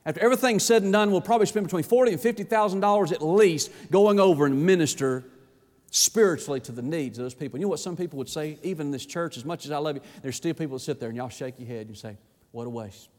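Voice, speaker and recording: A pastor preaching a folksy sermon that rises to shouting on its key points. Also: male voice, fairly high pitch, fast talker. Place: church sanctuary. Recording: long church reverb.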